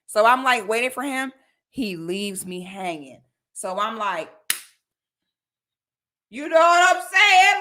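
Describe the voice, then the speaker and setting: A woman vlogger tells a personal story to the camera in casual, slangy speech, acting out the people involved through animated quotes. Her voice sits fairly high and comes across bright and forceful, though her pace stays measured.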